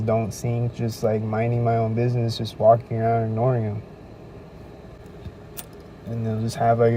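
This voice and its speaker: A podcast host rambles through a profane story in a casual monologue, his medium-pitched, mellow voice captured on dull audio outdoors near traffic. When he quotes other people, he raises his voice.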